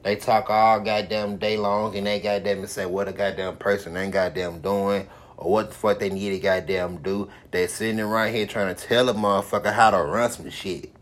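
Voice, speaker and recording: A man's voice: on the low side, flat delivery, moderate pace. A man hosting his own podcast, giving a profane, repetitive motivational monologue with heavy swearing. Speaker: podcast host.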